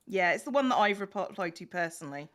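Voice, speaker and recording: A woman guesting on a live stream, chatting in a relaxed way and thanking viewers. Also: lowish voice, fast. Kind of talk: casual chat.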